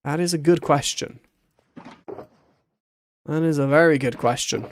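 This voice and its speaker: A Minecraft streamer offers casual commentary while building, talking to himself and humming little sound effects as he works. His voice is a little high and measured, with frequent pauses, and he is hiccuping. There's a slight hiss or hum in the recording.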